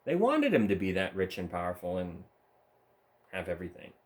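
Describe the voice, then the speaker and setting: Man, slightly low voice, casual rant, swears freely and sneers. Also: huge pitch swings, normal speed. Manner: profane, scornful ranting. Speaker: channel host. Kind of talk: solo ranting monologue.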